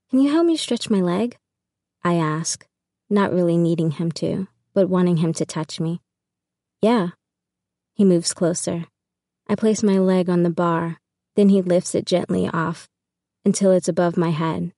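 A woman narrating a first-person audiobook in an even, intimate storytelling manner. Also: fairly low pitch, no echo, clean studio sound.

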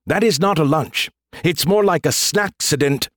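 A condescending male AI with a lifted, needling voice, dry and close in a dead-quiet booth, full of sarcastic put-downs, done by a male audiobook narrator. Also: fairly high pitch, moderate pace, dry recording, pitched above the performer's own voice, close to an everyday voice. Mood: scolding. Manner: snarky, condescending, name-calling. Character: smug, sarcastic male AI in a beer can.

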